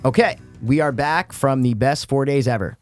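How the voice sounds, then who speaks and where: A man's voice: medium pitch, normal speed, faint music behind. A young man co-hosting a podcast in casual, swearing banter, loose and joking. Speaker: podcast co-host.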